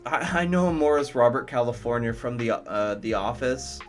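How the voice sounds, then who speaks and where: Man, casual movie reviewer, mid-pitched voice, enthusiastic and profane, faint music underneath. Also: lively intonation, normal speed. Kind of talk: casual video commentary.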